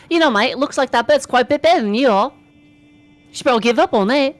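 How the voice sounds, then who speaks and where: Woman voicing a cocky, needling female monk, put-on Aussie-British twang, bright and pushy. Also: sits high, animated, fast, pitched above the performer's own voice. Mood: taunting. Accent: mixed British and Australian put-on. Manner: teasing, needling, slangy.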